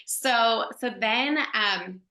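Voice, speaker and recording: A bright, slightly high woman's voice tells a guest anecdote at a lively clip, leaning on "like" constantly and breaking into laughter. The room around her is echoey and bare, with a roomy ring on every line. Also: very slow. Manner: chatty, lots of "like" fillers, laughs while telling. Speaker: guest actress. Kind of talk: animated anecdote storytelling.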